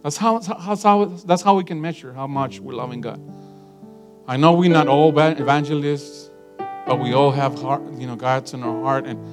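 A middle-aged man preaching a sermon in an animated, emphatic way, telling stories to a congregation. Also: mid-range voice, normal speed. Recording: guitar and piano music underneath.

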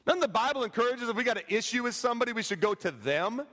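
Male pastor, high voice, sermon, echoey church hall. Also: very fast. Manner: animated, joking with the congregation, acting out voices.

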